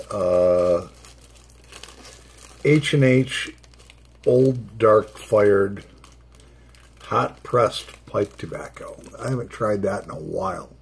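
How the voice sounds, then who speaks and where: Gravelly, raspy older man musing slowly. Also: lowish voice, a little mellow. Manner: unhurried, musing, pauses to draw on his pipe. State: hiccups from nicotine. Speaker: pipe smoking vlogger. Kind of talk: slow casual monologue while smoking.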